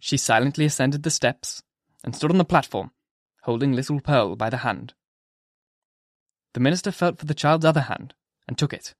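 A man narrating a classic novel, telling the story in a measured, even way. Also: mid-range voice, no echo, studio quality. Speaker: audiobook narrator. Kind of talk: scripted narration.

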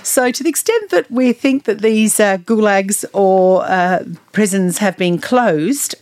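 A woman's voice: mid-range voice, expressive, slow pace, a little mellow. A woman co-hosting a podcast, casually recounting a news story at length with fillers.

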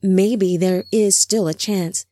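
A woman's voice: mid-range voice, fairly even intonation, takes it slowly, dark tone. A woman voicing an earnest, worried male angel who speaks urgently and a little indignantly, in a storybook reading.

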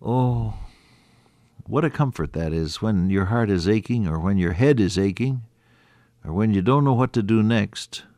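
Man preaching, earnest, quotes old-style scripture, goes soft and hushed, dry sound. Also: lowish voice, a little slow, no echo. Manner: earnest, swells up then drops to a hushed voice. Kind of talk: radio sermon.

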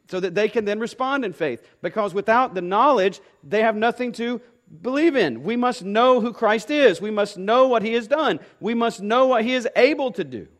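A pastor preaching a sermon to his congregation, emphatic and repeating key phrases, often asking rhetorical questions. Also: sits high.

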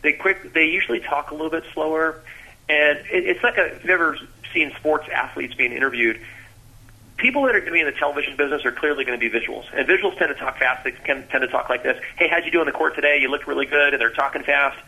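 A man's voice: a little high, fast, poor audio. A man, a sales trainer, explaining with energy as a radio guest and acting out bits of sales talk. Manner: animated, acts out sales dialogues.

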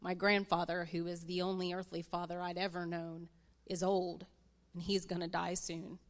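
A woman's voice: lowish voice, level tone, moderate pace. A woman in her thirties sharing a personal story in church, candid and emotional. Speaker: guest speaker. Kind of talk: personal testimony.

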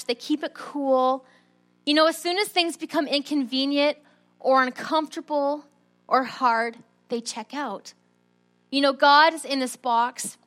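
A woman giving a sermon, telling a personal story in a chatty, animated way. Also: sits high. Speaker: preacher.

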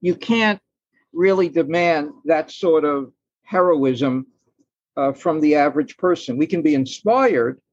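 Husky-voiced man telling stories. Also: on the high side, a little slow, no echo, lo-fi sound. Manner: thoughtful storyteller, acts out quoted lines. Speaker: guest author. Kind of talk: storytelling in a podcast interview.

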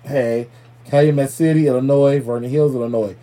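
A man hosting a podcast in loose, profane, playful casual chat, giving listeners shout-outs. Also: medium pitch, fairly even intonation, brisk. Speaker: podcast host.

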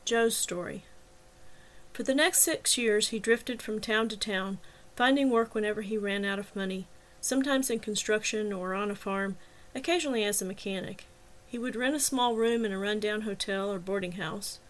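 A woman's voice: mid-range voice, normal speed. A woman reading a serialized mystery story aloud as narrator and host, lifting her voice slightly for the characters. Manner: reads dialogue with lightly lifted voices for characters. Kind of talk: scripted audiobook narration.

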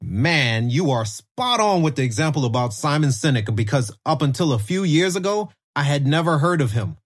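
A podcast host, a man, delivering his points in a steady, deliberate manner. His voice sits a little higher than most men's, clean and close. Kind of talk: prepared interview speech.

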